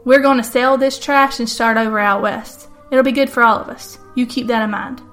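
A woman's voice: steady tone, normal speed, a bit bright, soft background music, lightly acted. A woman voicing a harsh, bullying old grandpa. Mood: commanding. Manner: barking orders, then low threats.

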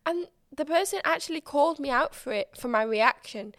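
Woman, podcast host, casual solo chat, candid and expressive, swears freely, highish voice, dry close sound. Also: brisk, hardly any pauses, no echo.

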